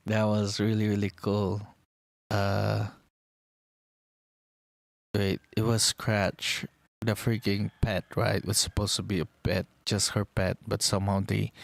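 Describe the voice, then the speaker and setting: A man's voice: fairly low pitch, vocal fry, no echo. A young man rambling in casual chat, enthusiastic and swearing casually as he talks about a TV series. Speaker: vlogger.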